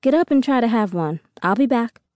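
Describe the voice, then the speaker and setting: A woman reading an audiobook and voicing a strict, brisk mother in a firm, no-nonsense way. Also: fairly high pitch, lively intonation, a little mellow, dry recording, voice pushed up, close to an everyday voice.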